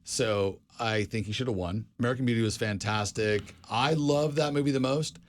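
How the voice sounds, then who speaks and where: A man's voice: mid-range voice, normal speed. A man in casual podcast chat, rambling through stories with lots of "like" and "dude" and frequent restarts. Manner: rambling storyteller, many restarts, says "dude" and "like". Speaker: podcast co-host.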